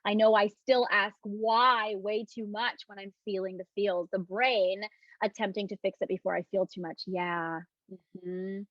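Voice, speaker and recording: A woman hosting a casual live talk on self-love, speaking gently and reflectively and reading out viewer comments. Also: medium pitch, steady tone, a little slow, dry recording, highs cut off. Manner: gentle, reflective, often mimics questioning tones.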